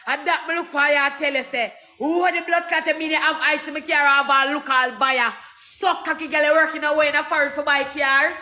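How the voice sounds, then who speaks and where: A young Jamaican man in an angry, profane rant, shouting and cursing in rapid patois. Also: very high voice, fairly even intonation, a little hiss or hum. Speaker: social media personality.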